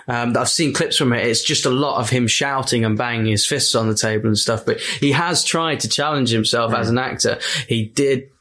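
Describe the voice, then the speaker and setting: A man on a film podcast panel, chatting in an animated, rambling way. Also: medium pitch, moderate pace, few pauses. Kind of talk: casual film discussion.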